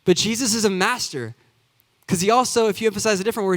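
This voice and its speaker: A man's voice: high voice, sing-song, fast, bright, forceful tone. A man in his twenties, a youth pastor preaching a sermon in earnest, building to emphatic repeated phrases. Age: 20s. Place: church sanctuary. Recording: long hall reverb.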